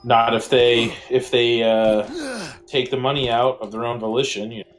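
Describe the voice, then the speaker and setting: A man's voice: medium pitch, flat delivery, moderate pace, crowd noise. A man playing a game in co-op with a friend, talking in a laid-back, casual way with easy swearing and short agreeing replies. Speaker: co-op gaming partner. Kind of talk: casual chat over co-op gameplay. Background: game music.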